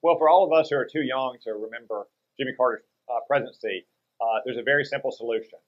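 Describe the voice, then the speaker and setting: A man, a senator guesting on a talk radio show, speaking in a measured, lecturing way. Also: mid-range voice, lo-fi sound. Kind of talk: political interview.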